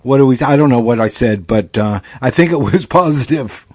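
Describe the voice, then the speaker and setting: A man's voice: mid-range voice, expressive, brisk, darkish tone, slightly rough. A male radio host leading a pledge drive, upbeat and repeating the call-in number.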